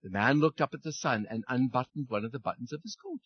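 A man leading a children's message in church, speaking in a friendly, animated way to children and reading them a story. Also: mid-range voice, fast talker, slightly rough, muffled recording.

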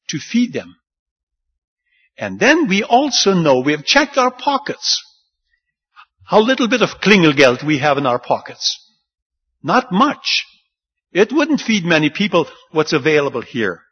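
Animated preacher man, lively pitch. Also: unhurried, long pauses, slightly rough. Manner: animated, acts out the disciples' lines with rising pitch. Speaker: pastor. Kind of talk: sermon. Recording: dull lo-fi sound.

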